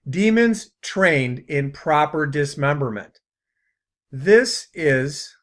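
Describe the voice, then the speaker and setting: A man's voice: mid-range voice, a little slow. Mocking male video commentator. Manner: mocking, laughing, trailing off quietly.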